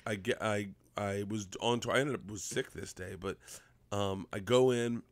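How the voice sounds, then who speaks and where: A man with a slightly low voice tells a comic story at an animated pace, jumping into quoted lines as he goes. The sound is dry and close, with no room around it. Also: moderate pace, dry recording. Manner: animated anecdote-telling with acted-out quotes. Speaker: guest comedian. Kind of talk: casual storytelling chat.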